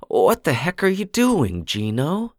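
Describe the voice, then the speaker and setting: A man's voice: a little high, wildly swooping pitch, unhurried, no room sound, studio quality, voice pushed up. A man voicing a blunt, headstrong young wife who talks in a pushy way. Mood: impatient.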